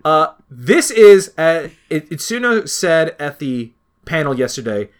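A man talks through a video game in casual chat with a slightly higher voice. He is excitable and rambling, and he keeps slipping into quick acted-out quotes.

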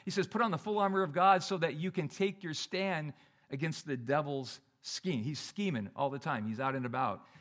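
A middle-aged man preaching a sermon in a conversational, animated way, often restarting his sentences. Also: fairly high pitch, moderate pace. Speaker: pastor.

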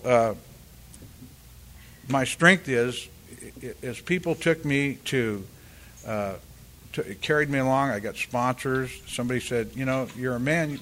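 An older man giving a halting, rambling personal share at a recovery meeting, full of restarts and "you know," and acting out the voices of the people in his story. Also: mid-range voice, a bit bright. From California, US. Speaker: speaker sharing at a recovery meeting.

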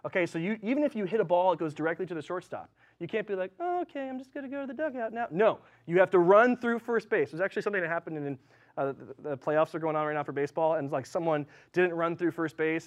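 A male pastor giving a casual, conversational sermon, full of ums and likes. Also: fairly high pitch. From Southern California. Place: church.

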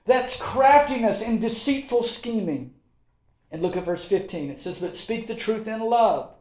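Folksy high-voiced preaching man. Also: animated, measured pace, a little mellow. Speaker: pastor. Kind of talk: sermon. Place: church sanctuary. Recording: echoey church room.

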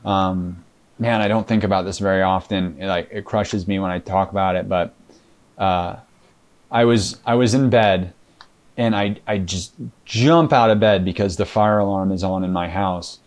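A man being interviewed, recounting his experience haltingly with many fillers and restarts and acting out past conversations. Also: low voice, steady tone. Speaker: interview guest. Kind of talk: casual storytelling interview.

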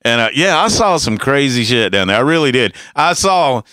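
Bright-voiced man telling rowdy stories. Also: medium pitch, big pitch swings, normal speed, clean tone, no echo, studio quality. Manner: profane, laughs through his stories. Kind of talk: casual storytelling.

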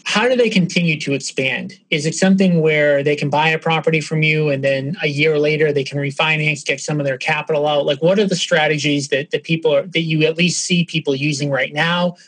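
A man's voice: a little high, fairly even intonation, a little fast, hardly any pauses, fairly bright tone, rough recording. Rambling male podcast host. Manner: rambling, restarts, many fillers. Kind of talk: casual podcast chat.

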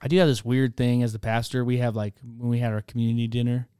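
A middle-aged man hosting a relaxed chat as a pastor, his voice smooth and clean. He jokes around and tells lively stories, and the sound is close and dry with no room behind it. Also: mid-range voice, quick pace, no room sound. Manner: joking, animated storyteller. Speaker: pastor and podcast host. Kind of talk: casual chat.

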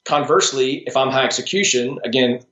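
On a podcast with roomy, dull lo-fi sound, a strengths coach talks as a guest in a medium-pitched voice that is fairly quick and fairly bright. He comes across as thoughtful and casual, often starting over and tossing in asides.

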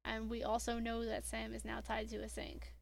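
A woman co-hosting a podcast in casual chat, animated and teasing as she recaps scenes. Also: fairly high pitch, moderate pace, creaky. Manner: animated, teasing, reads lines aloud. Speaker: podcast co-host.

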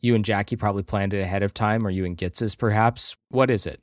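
A man running a tabletop role-playing game as game master, narrating scenes in a measured, descriptive way with casual asides. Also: fairly low pitch, steady tone, no echo, studio quality.

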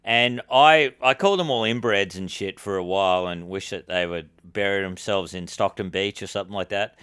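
A man's voice: low voice, normal speed, a bit bright, clean tone, no room sound, studio quality. A man co-hosting a podcast, telling stories in crude, casual chat and laughing often. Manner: crude, laughs a lot, acts out crowd voices. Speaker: podcast co-host; stand-up comedian.

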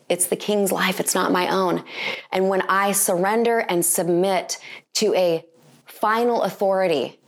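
A woman in her forties giving an earnest, conversational sermon full of rhetorical questions. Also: medium pitch. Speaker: speaker.

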